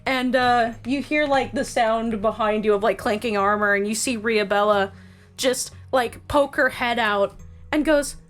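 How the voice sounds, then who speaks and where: A woman's voice: a little high, a little slow, faint music behind. A woman running a tabletop game, narrating casually with lots of "like" and "uh". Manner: casual, many fillers like "like" and "uh". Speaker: game master.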